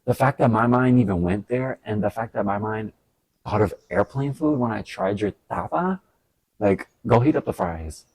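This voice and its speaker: A man talking in a casual stream-of-thought vlog, animated, swearing often and laughing at his own stories. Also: lowish voice, normal speed, no room sound. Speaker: vlogger.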